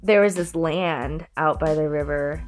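A woman from Colorado spins stories from her past in an easy, unhurried way, stretching her words out. She laughs often and swears freely, with a mischievous streak. Faint music plays quietly underneath. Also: sits low. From Colorado, USA. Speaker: storyteller recalling her youth. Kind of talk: casual personal anecdote.

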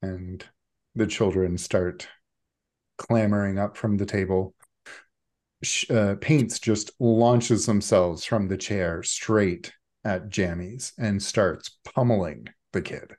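A man with a low voice narrates a tabletop game as its game master. He takes his time, describing the action in a playful, storytelling way. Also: slow, darkish tone.

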